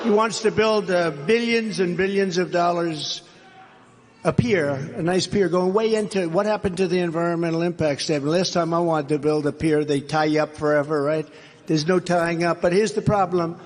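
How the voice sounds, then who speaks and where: A man's voice: a little high, normal speed. A man giving a sarcastic, repetitive rally speech, rambling from point to point. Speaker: political speaker at a rally. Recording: long reverb of a large venue, faint background noise.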